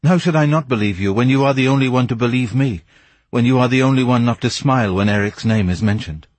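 A man's voice: mid-range voice, quick pace, dry recording, voice pushed up, lightly acted. A man voicing an impetuous, anxious young nobleman who pleads urgently.

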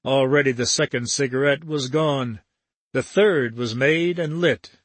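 A man reading a novel aloud as an audiobook narrator, steady and even. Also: mid-range voice, a little slow, breathy edge, no echo.

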